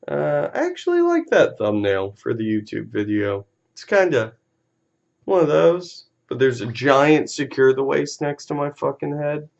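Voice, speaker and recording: Slow-talking, easygoing male card streamer. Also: a little high, gravelly, a little mellow, lo-fi sound. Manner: laid-back, swears casually, easily amused. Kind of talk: casual live-stream commentary.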